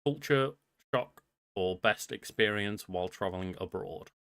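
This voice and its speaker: A man's voice: fairly low pitch, unhurried, vocal fry, a bit bright, clean tone, dry recording, studio quality. A man co-hosting a podcast in rambling, sweary casual chat full of fillers. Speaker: podcast co-host.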